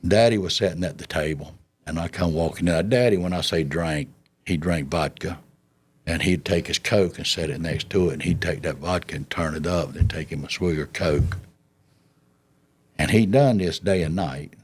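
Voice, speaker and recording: A man's voice: low-pitched, moderate pace, slightly rough. A man telling a long story in an interview, folksy and drawling, chuckling as he goes. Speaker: interview guest recounting his past.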